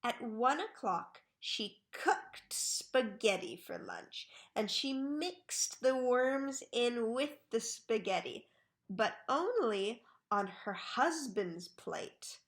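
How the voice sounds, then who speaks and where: A woman reading a children's book aloud for learners, carefully and clearly. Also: on the high side, lively intonation, takes it slowly.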